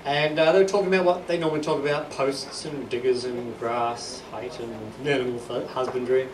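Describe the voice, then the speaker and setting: A man's voice: medium pitch, level tone, fairly quick, a crowd in the background. New Zealand man doing stand-up in a club. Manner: rambling, self-deprecating storytelling with asides. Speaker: stand-up comedian. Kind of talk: stand-up comedy. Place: comedy club stage. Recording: echoey club from a distance, noisy. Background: audience laughter.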